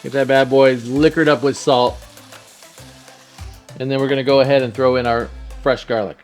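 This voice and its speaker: A man's voice: medium pitch, fairly even intonation, moderate pace, soft background music. Joking man running a home cooking video. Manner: jokey, talks straight to viewers. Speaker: home cook. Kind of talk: casual cooking demonstration.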